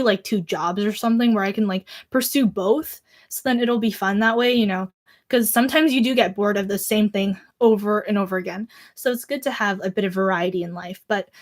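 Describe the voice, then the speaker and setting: A teenage girl hosting a casual livestream with a fairly high voice. She rambles from thought to thought, full of fillers. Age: teens. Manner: rambling, chatty, lots of fillers like "like". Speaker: livestream host.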